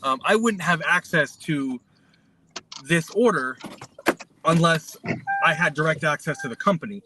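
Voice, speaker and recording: A man's voice: on the high side, a little slow, noisy background. A man co-hosting a casual talk show, speaking with hesitant restarts as he explains his own work. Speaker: podcast co-host. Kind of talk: casual chat.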